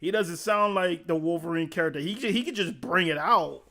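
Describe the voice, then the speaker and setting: Bright and forceful, a man with a slightly high voice talks a little fast while chatting casually on a live stream. He reads chat comments aloud, curses freely, and laughs a lot as he rambles about gaming.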